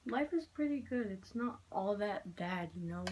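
A young woman vlogging a casual makeup chit-chat at home, frank and foul-mouthed, a little hoarse from being sick. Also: medium pitch, animated, normal speed, highs cut off. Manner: chatty, frank, swears a lot. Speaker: beauty vlogger. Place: room at home with poor lighting. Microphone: handheld mirror in one hand, camera fixed.

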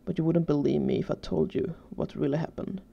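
A woman voicing a sullen, weary teenage boy in a storybook reading, with a flat, indifferent delivery. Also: low-pitched, fairly quick, creaky, husky, full character voice. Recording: dull lo-fi recording.

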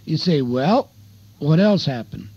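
A man's voice: on the high side, lively intonation, a little slow, breathy edge, dry recording. An older man and evangelist preaching a folksy radio sermon, telling a testimony story and calling his listeners beloved and dear friends. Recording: dull lo-fi radio broadcast.

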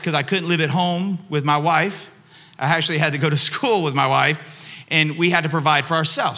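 A man's voice: a little high, pushed and bright. A man preaching a sermon as a pastor, telling a personal story and repeating phrases for emphasis.

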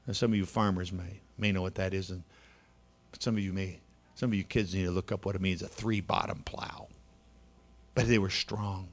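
A man telling a children's story in a church service, dramatic, moving between hushed and louder passages and slowing down for effect. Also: lowish voice.

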